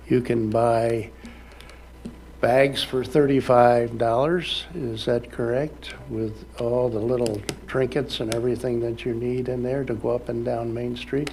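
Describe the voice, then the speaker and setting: A man's voice: medium pitch, fairly even intonation, measured pace, creaky, a little mellow, slight background noise. A man speaking at a city council meeting in a folksy, rambling way, full of fillers and restarts.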